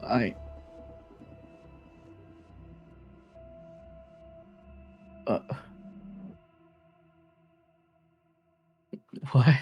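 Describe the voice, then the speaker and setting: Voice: unhurried, muffled recording, soft background music, lightly acted. Player voicing a panicked, unraveling character. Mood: shaken. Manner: stammering, pleading, then shouting. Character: anguished player character losing self-control.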